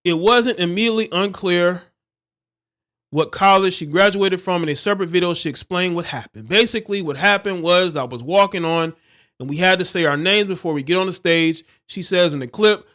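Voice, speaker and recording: Reading the news on his livestream, this man keeps interrupting himself with contemptuous, insulting, moralizing commentary. He talks fairly quickly in a high-pitched, somewhat bright voice.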